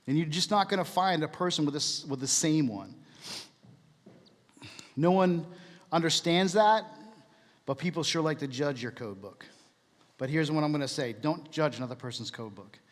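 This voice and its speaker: A man's voice: on the high side, in a large hall. A man giving a casual, jokey church talk, asking the room questions as he goes.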